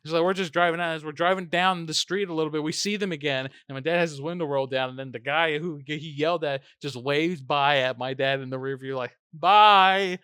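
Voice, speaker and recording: A man's voice: on the high side, steady tone, fast talker, hardly any pauses, a bit bright, clear, resonant tone, dry recording, clean studio sound. A young man co-hosting a casual podcast, telling stories and swearing freely. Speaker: podcast co-host. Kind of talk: casual storytelling chat.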